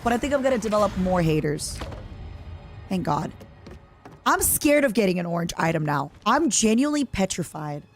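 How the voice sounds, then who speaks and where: Young woman streamer with an Eastern European accent, mid-pitched, very lively and excitable, live gaming chat. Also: normal speed, soft background music. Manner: excitable, reacts loudly to the game and chats with viewers.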